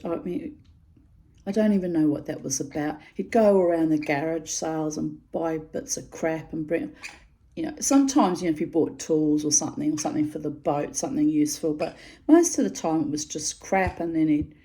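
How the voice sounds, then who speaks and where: Blunt middle-aged woman venting a story, lowish warm voice, swears a lot. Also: low-quality recording. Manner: frank, aggrieved, swears freely. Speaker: video storyteller. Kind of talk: casual personal storytelling.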